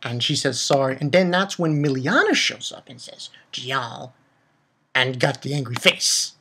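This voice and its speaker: A man reviewing a manga chapter in casual chat, excitable and rambling, with many fillers and exclamations. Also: a little high, moderate pace, husky.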